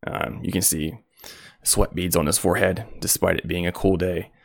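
A man's voice: deep voice, little pitch movement, moderate pace, creaky. A man narrating as game master at home, rambling with lots of fillers.

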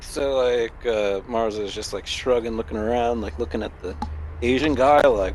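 A man playing in a tabletop game, describing his character in a relaxed, drawling way. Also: mid-range voice, moderate pace, a little hiss or hum. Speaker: player.

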